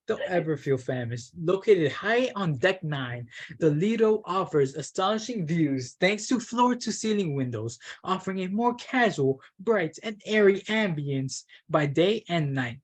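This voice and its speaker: Adult reading a brochure with joking asides. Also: medium pitch. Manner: reads with small stumbles and self-mocking asides. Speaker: workshop participant. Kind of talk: reading a travel brochure aloud.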